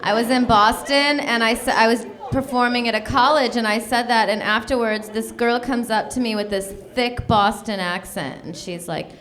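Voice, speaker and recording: A woman's voice: on the high side, fairly even intonation, normal speed, few pauses. A young woman doing a brash stand-up comedy set on a club stage, mimicking songs and people in silly voices. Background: loud audience laughter.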